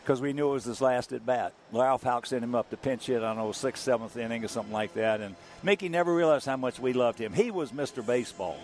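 An older man, a former ballplayer, telling stories as an interview guest in an animated, chuckling way. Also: medium pitch, fast talker, few pauses. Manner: animated storyteller, chuckling through anecdotes. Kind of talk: anecdotal interview storytelling.

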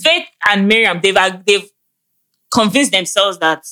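A woman's voice: medium pitch, expressive, unhurried, sharp tone. A young Nigerian woman co-hosting a casual podcast, gossiping animatedly and laughing easily. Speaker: podcast co-host. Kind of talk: casual chat.

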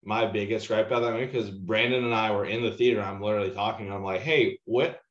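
A man co-hosting a film podcast, recalling scenes haltingly with many restarts and "um"s. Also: on the low side, flat delivery. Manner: hesitant, restarts and "um"s while recalling. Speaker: podcast co-host. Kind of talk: casual film review chat. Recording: dull echoey room sound.

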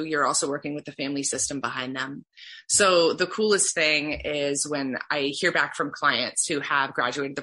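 A woman's voice: low-pitched, pushed and bright. A woman therapist answering interview questions in an earnest, heartfelt way, with lots of fillers.

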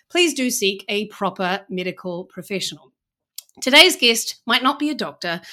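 A woman's voice: medium pitch, sharp tone. A woman in her forties with a New Zealand accent, hosting a podcast interview in a playful, theatrical way. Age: 40s. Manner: playful, theatrical, quick-witted. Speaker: podcast host.

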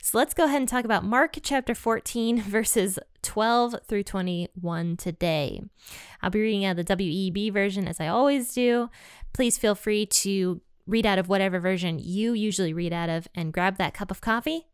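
A woman from the United States hosts a casual Bible podcast from home, talking in a friendly, upbeat way and laughing easily. Her voice is smooth and clear, recorded close and dry with no room sound. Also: mid-range voice, normal speed, no echo. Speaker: podcast host. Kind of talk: casual Bible podcast chat and scripture reading.

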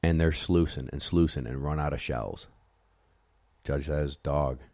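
With a bass voice and a slightly slow delivery, a man who handles retrievers recounts a competition, playing the parts of dogs and judges in a lively, offhand way. He's blunt and swears a little, and there's no room sound.

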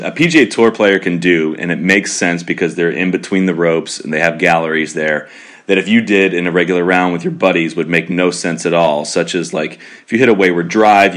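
Male podcast host, very low pitch, chatty, long winding questions. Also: a bit bright. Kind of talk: casual interview chat.

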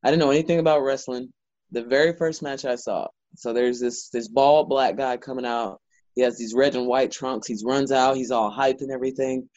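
A man's voice: medium pitch, fairly quick, dry recording. Chatty man, slightly muffled. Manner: animated storyteller, lots of "like" fillers. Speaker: wrestler guest. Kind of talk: casual interview chat.

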